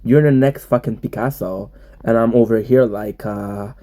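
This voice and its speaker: A man with a mid-pitched, mellow, warm voice riffs loosely in casual chat. He jokes constantly and swears freely. His talk rambles from one bit to the next. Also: steady tone, moderate pace. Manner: joking, profane, rambling banter. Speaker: streamer.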